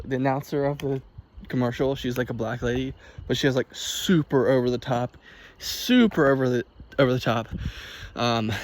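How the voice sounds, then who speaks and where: A man vlogging outdoors on a walk, telling a story in an animated, chatty way and laughing often. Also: mid-range voice, slight background noise. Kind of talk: casual chat while walking. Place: outdoors by a field.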